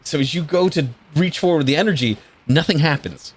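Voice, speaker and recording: A man's voice: fairly high pitch, brisk, husky. A man narrating as game master in a casual, swearing way with lots of "uh" fillers.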